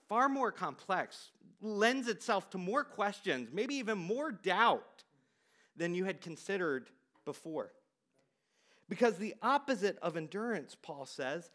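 A male pastor preaching a sermon, asking the congregation rhetorical questions and dropping his voice low and quiet to stress key words.

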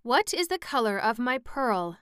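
A woman voicing a stern but gracious female sorceress ruler in a storybook reading, commanding and measured. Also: a little high, big pitch swings, a bit bright, smooth, no echo, studio quality, voice pushed up.

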